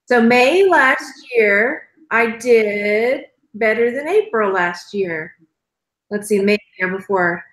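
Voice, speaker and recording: A chatty woman talks casually as a co-host, self-deprecating and easygoing. Her voice sits a little high. There is a clear echo from the room. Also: slow pace, fairly bright tone. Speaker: podcast co-host. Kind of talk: casual chat.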